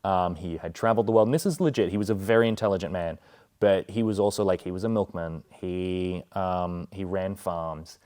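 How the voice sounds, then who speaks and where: An Australian man with a low voice chats as a guest about a film. He tells stories in an earnest, rambling way and fills his pauses with ums and likes. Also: a little mellow. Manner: earnest, chatty storyteller, many fillers. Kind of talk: casual film discussion.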